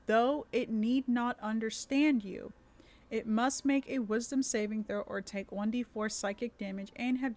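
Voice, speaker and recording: A woman who runs tabletop games, chatting casually on a live stream, rambling with many fillers and restarts. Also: on the high side. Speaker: streamer and dungeon master.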